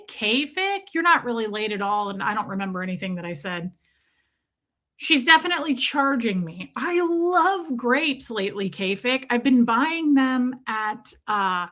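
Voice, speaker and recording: A woman's voice: on the high side, bright, forceful tone. A woman live streamer chatting casually with her viewers, telling rambling, self-mocking stories.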